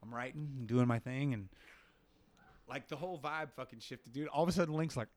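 A man telling a wild story on a podcast in a profane, slangy way, acting out what people said and repeating "dog" constantly. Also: medium pitch. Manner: fast and excitable, acts out quotes. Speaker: podcast guest. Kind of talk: animated storytelling.

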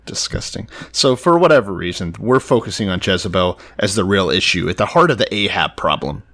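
A man's voice: deep voice, fairly quick. A man in casual chat, retelling Bible stories with profanity and acting out the characters' lines. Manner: animated, acts out quoted characters with profanity. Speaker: podcast co-host.

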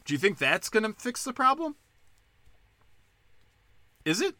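A man's voice: high-pitched, big pitch swings, a little slow, bright, forceful tone, no room sound. A man ranting in a casual monologue, sarcastic and profane, slipping into mocking impressions.

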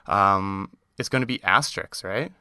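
A man's voice: lowish voice, normal speed, sharp tone, smooth, no room sound, studio quality. A Canadian man hosting a podcast, chatting casually with lots of fillers. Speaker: podcast host. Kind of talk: casual chat.

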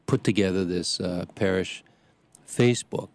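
A middle-aged man, a parish priest hosting a show, talking casually in a halting way with many restarts and fillers. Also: deep voice, a little mellow, no echo. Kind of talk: casual talk.

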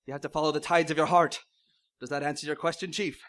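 A man voicing a boastful, grizzled old male sea captain with a low, gruff drawl. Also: steady tone, fast, a bit bright, natural voice. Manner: bellowing orders.

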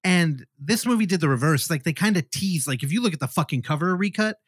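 A man co-hosting a podcast, chatting casually about horror films, animated and swearing freely. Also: fairly high pitch, fast, husky, no room sound, studio quality. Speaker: podcast co-host.

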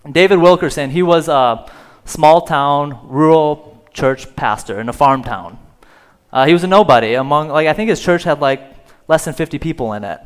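A male pastor preaching a sermon in church, telling a story with conversational fillers and growing louder at its dramatic moments. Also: on the high side, moderate pace, smooth. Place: church sanctuary.

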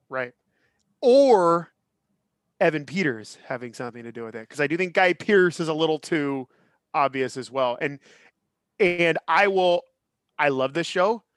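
A man in his thirties co-hosting a podcast, chatting casually in an animated, opinionated way with lots of restarts. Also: medium pitch, no room sound, studio quality. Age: 30s. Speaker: podcast co-host. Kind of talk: casual chat.

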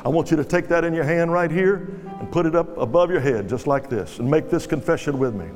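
Here a guest pastor speaks briskly in a fairly high, darkish voice, exhorting the crowd through repeated commands during his sermon. Recorded live in a large, reverberant church hall, it carries music and congregation noise.

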